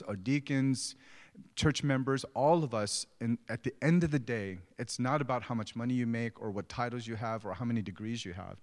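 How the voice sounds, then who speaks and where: A middle-aged man preaching as a pastor, conversational and self-deprecating as he tells stories about his own family. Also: medium pitch. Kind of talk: sermon. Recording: long hall reverb.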